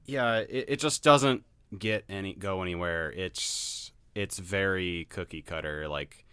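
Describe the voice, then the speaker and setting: A man co-hosting a podcast in casual chat, blunt and quick to laugh. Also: sits low, fairly bright tone, clear, resonant tone, no echo. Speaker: podcast co-host.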